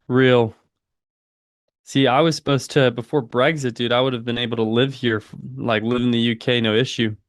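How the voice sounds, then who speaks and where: A young American man in his twenties hosts a live trading stream in a mid-range voice, flat delivery, and normal speed. Laid-back and slangy, he says "dude" a lot, reads chat aloud, and answers it while calling the market. The sound is clean studio audio with no room sound.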